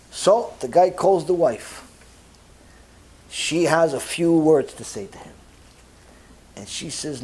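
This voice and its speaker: Animated man telling a Torah story. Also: on the high side, takes it slowly, pauses often. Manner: animated storyteller who acts out dialogue. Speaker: rabbi.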